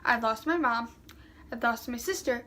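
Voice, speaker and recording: High bright-voiced young woman vlogger. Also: moderate pace. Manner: rambling, filler-heavy retelling with many "like"s. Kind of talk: casual storytime.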